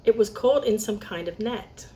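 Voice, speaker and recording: A woman's voice: medium pitch, moderate pace, warm tone, slight background noise. A young woman reading a picture book aloud, chatting to young listeners between lines. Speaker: storyteller.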